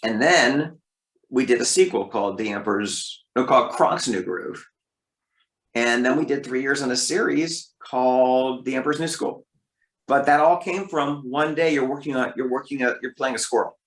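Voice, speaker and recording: A man who works as a voice actor, telling stories from his career as an interview guest, lively and leaping up in pitch for emphasis. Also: moderate pace. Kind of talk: interview storytelling. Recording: roomy echo.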